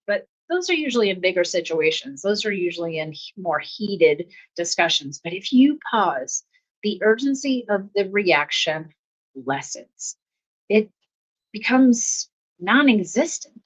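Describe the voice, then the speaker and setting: A woman hosting a self-help podcast, talking calmly about pausing before reacting, with steady, repeating coaching phrases and soft laughs. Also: mid-range voice, poor audio. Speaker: podcast host. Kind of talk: reflective self-help talk.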